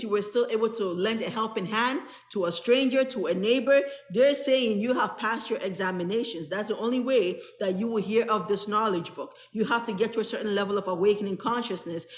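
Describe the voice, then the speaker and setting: Woman, spiritual teacher, reads aloud and explains, earnest, roomy echo. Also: mid-range voice. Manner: earnest, pauses to explain passages in plain words. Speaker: spiritual teacher reading to an online group.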